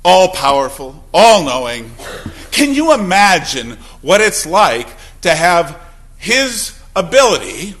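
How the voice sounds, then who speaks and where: A male pastor preaching a sermon, swinging between emphatic outbursts and quiet, low asides. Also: very animated, takes it slowly. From Wisconsin. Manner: emphatic preaching with sudden loud and soft swings.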